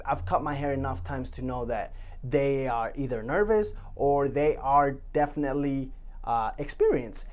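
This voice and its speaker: A man's voice: a little high, a little mellow. Rambling, joking male vlog host. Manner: rambling, joking, swears freely. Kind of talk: casual solo vlog chat.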